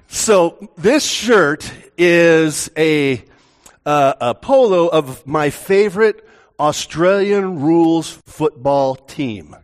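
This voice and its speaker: A male pastor speaking unhurriedly in a church, with a relaxed, joking, conversational manner. He banters with the congregation at a measured, slow pace. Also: on the high side.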